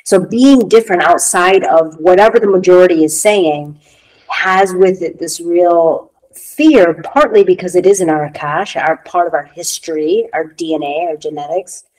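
Low-voiced woman musing on spirituality. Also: normal speed, a little mellow, poor audio. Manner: reflective, many fillers like "you know". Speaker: podcast co-host. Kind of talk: casual spiritual chat.

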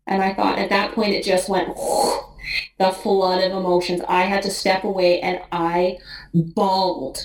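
A woman in her thirties, a nurse guest, telling a personal story in an emotional, halting way, with many restarts and quoted thoughts. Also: mid-range voice. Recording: roomy, slightly distant mic.

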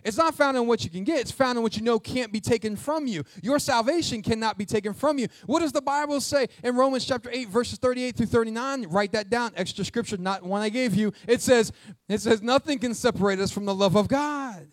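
A man, a pastor preaching a sermon to his church with lively call-and-response questions. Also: no room sound. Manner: jokes aside in a quiet, quick low voice. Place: church sanctuary with congregation.

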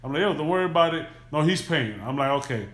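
Podcast host, male, loose profane storyteller with a slightly raised pitch, recorded in an echoey room. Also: fast talker. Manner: loose, profane, animated retelling. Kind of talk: casual storytelling.

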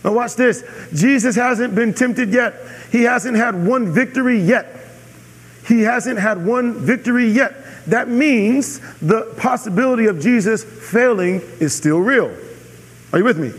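A man's voice: very high voice, measured pace, breathy edge, long reverb tail. A man preaching a sermon as pastor, emphatic and repeating his key lines, often asking the audience if they are with him.

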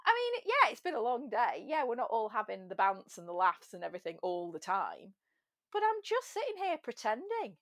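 A woman's voice: on the high side, huge pitch swings, fairly quick, a bit bright, no echo. An English woman chatting animatedly as a podcast guest, telling stories and slipping into little voices. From England. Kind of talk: casual chat.

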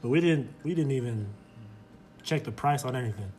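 A man in his twenties co-hosting a podcast, easygoing and quick to laugh. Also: mid-range voice, faint music behind. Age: 20s. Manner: easygoing, laughs often, animated. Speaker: podcast co-host. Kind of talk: casual chat.

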